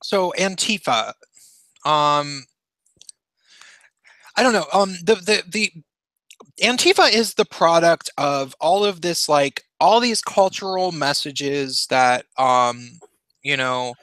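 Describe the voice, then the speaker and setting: Bright, rambling male stream host. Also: fairly high pitch, animated, slow, long pauses, no room sound. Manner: rambling, many fillers and restarts. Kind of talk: casual chat on a voice call.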